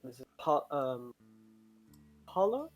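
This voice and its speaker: A man's voice: medium pitch, big pitch swings, soft background music, low-quality recording. A man playing a hesitant adventurer. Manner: hesitant, halting. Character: male adventurer greeting a lost child. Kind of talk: in-character tabletop role-play.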